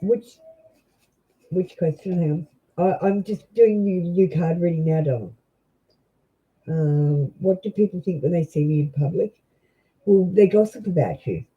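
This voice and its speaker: Husky Australian woman doing live tarot readings. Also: on the low side, phone-quality sound. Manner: chatty, halting, with many ums and restarts. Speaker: tarot reader. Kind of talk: live-stream card reading.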